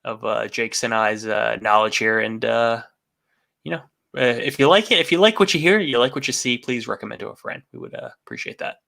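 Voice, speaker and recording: Man, podcast co-host, casual chat, gravelly voice, jokey, halting fillers. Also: mid-range voice, sharp tone. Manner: jokey, many filler pauses.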